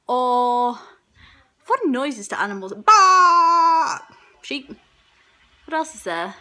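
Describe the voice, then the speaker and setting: A woman's voice: fairly high pitch, lively intonation, takes it slowly. A young woman vlogging casually, giggly and self-mocking as she tries silly animal impressions.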